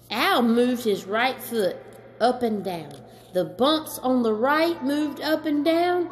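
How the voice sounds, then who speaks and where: A woman reading a children's story aloud as storyteller, gentle and slow, chatting to a child in between. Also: a little high, soft background music.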